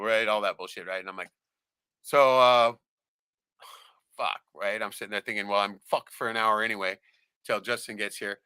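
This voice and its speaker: A man telling a profane story in casual chat, animated, laughing often and acting out the voices of others. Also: mid-range voice, moderate pace, long pauses, clear, resonant tone, no room sound, clean studio sound. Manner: animated, swears a lot, laughs often, acts out quoted voices.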